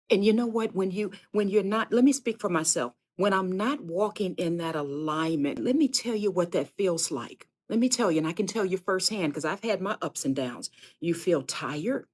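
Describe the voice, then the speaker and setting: A woman's voice: fairly low pitch, a little mellow. A woman giving a live inspirational sermon on her podcast, speaking earnestly and directly to her listeners with repeated phrases and fervent emphasis. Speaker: podcast host and faith speaker.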